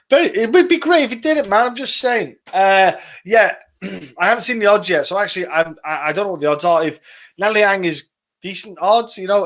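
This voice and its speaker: A man's voice: fairly high pitch, a bit bright. Chatty man talking fights. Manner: chatty, reads viewer comments aloud; swears casually, says "man" and "brother". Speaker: podcast host. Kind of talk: casual fight predictions on a live stream.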